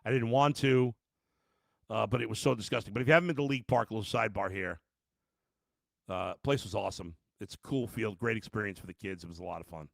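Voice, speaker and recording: This middle-aged host talks fast in a lowish voice with vocal fry, no room sound, during a live postgame reaction podcast. Addressing viewers directly as folks, he rants emphatically and keeps restarting.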